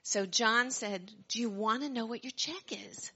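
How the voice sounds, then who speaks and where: A woman's voice: a little high, unhurried, breathy edge, dull audio. A middle-aged woman telling her story to an audience, acting out the voices of the people in it. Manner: animated storyteller, acts out quoted voices loudly.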